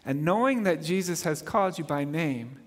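A man's voice: on the high side, animated, moderate pace, big-room sound. A man preaching a sermon in an earnest way, asking the listeners questions as his voice rises and falls. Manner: earnest, swells and drops in volume, asks the listeners questions.

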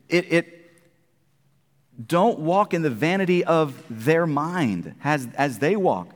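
Pastor, male, high-pitched, preaches with repeated phrases and questions; long reverb of a church hall. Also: a bit bright. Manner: preaching with emphatic repetition and rhetorical questions. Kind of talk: sermon. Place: church sanctuary.

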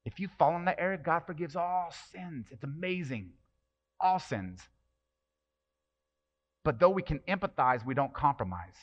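A man's voice: on the high side, expressive, measured pace, pauses often, highs cut off. A man preaching a sermon as pastor, passionate and emphatic, with many rhetorical questions.

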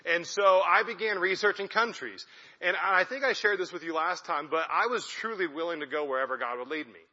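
A man's voice: high-pitched, brisk, pushed and bright. A young man, a missionary, giving a chatty, self-deprecating talk to a church congregation. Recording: echoey hall, dull lo-fi sound.

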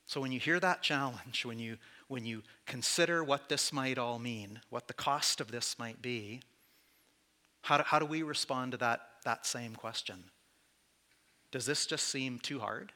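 A man's voice: medium pitch, measured pace, sharp tone. A man preaching as pastor to his church, candid and conversational, with self-deprecating asides. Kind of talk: sermon.

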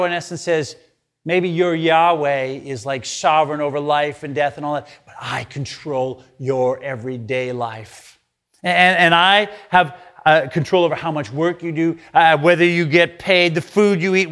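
A man with a fairly high voice gives a sermon in a relaxed, conversational way. He reads the scripture aloud and slips into the voices of the people he quotes. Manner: conversational preaching, acts out quoted lines. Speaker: pastor.

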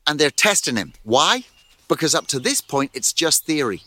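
A man pastor preaching a sermon in an animated way, full of rhetorical questions and repeated words. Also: a little high, normal speed, no room sound.

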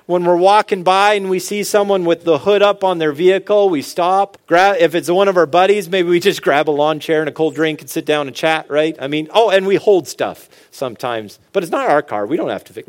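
Joking dad giving a pep talk. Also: male voice, high voice, expressive, fairly quick, few pauses. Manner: joking, storytelling, earnest asides. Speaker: speaker on fatherhood. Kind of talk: humorous motivational talk.

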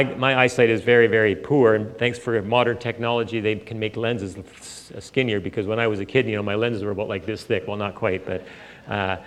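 A man preaching a sermon in a conversational, storytelling way, with frequent fillers. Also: medium pitch. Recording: long hall reverb.

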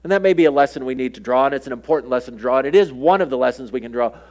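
A man's voice: mid-range voice, lively intonation, racing, a little mellow. A man preaching a sermon in a conversational way, often acting out the lines of the people in the story. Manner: conversational preaching, acts out quoted dialogue. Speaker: pastor.

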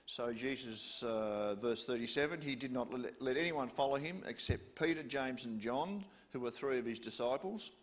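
A man's voice: medium pitch, normal speed, hardly any pauses. A man preaching, retelling a story with questions to his listeners. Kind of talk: storytelling sermon.

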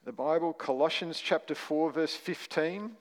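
A man's voice: fairly high pitch, moderate pace. A man preaching a sermon, stressing single words and asking rhetorical questions. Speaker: pastor. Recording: long hall reverb.

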